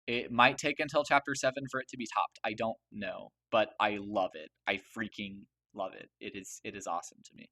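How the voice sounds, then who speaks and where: A man's voice: on the low side, fairly even intonation, brisk, hardly any pauses, bright, forceful tone. A young man gushing over a soundtrack in casual commentary, stammering and restarting with many fillers. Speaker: video host ranking a game soundtrack.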